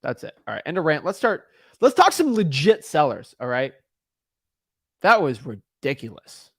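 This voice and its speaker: Animated man ranting between cold calls. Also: on the high side, normal speed, creaky, no room sound, clean studio sound. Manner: animated, repeats words when worked up. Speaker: real estate wholesaler cold calling sellers.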